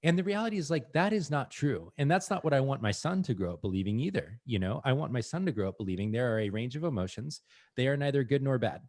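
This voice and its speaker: A man's voice: mid-range voice, expressive, fast, darkish tone. A man co-hosting a podcast in casual conversation, earnest and acting out his own inner voice. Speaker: podcast co-host.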